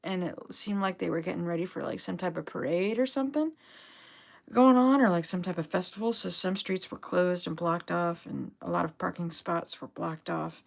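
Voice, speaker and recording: Chatty woman with a gravelly voice. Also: fairly low pitch, normal speed. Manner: chatty, rambling, upbeat with fillers. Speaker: vlogger, duck owner. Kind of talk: casual livestream storytelling.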